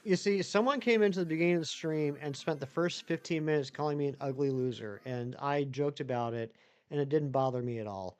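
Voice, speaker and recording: A man's voice: fairly high pitch, a little fast, a little mellow, clean tone. A man live-streaming who chats loosely with viewers, reads their messages aloud and rambles with many restarts. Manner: rambling, chatty, reads chat aloud and answers it. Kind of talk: casual live-stream chat.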